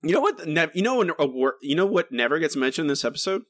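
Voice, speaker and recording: A man's voice: fairly high pitch, big pitch swings, fast talker, fairly bright tone, dry recording. A man co-hosting a podcast, ranting in exasperated casual chat with many restarts and asides. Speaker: podcast co-host.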